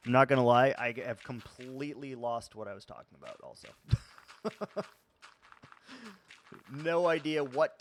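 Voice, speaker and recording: Profane Midwestern streamer man. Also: on the high side. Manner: profane, rambling, laughs at himself. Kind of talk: casual gaming livestream chat.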